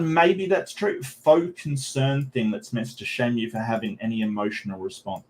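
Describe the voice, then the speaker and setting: A man talks through a live stream at a middle pitch. He reads posts aloud, greets his chat, and rambles with plenty of ums and restarts. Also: normal speed, hardly any pauses. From Australia. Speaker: streamer reading and discussing posts. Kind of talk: casual live-stream commentary.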